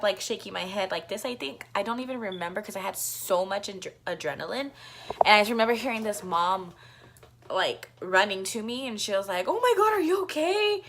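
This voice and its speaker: A woman tells a story to her vlog audience in a loose, rambling way. Her speech is thick with filler words and casual swearing, and she coughs now and then. Her voice sits at an ordinary middle pitch for a woman. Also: a bit bright. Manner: rambling, full of "like" fillers, profane. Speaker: vlogger.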